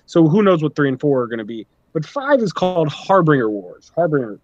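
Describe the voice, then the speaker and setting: A man's voice: fairly high pitch, big pitch swings, brisk, no room sound, dull audio. A man hosting a casual podcast, talking through his notes and giving his opinions freely. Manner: talkative, reads notes, opinionated. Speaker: podcast host.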